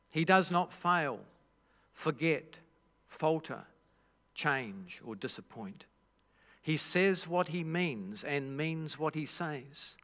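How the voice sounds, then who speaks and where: A man preaching a sermon as a pastor, telling a story in a measured way with dramatic pauses. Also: fairly high pitch, a bit bright. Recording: dull hall reverb.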